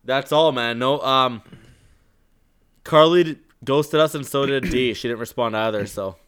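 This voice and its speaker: A man's voice: medium pitch, unhurried, a bit bright, smooth. A young man on a podcast, defending himself with jokes and swearing freely in casual banter. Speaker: podcast co-host.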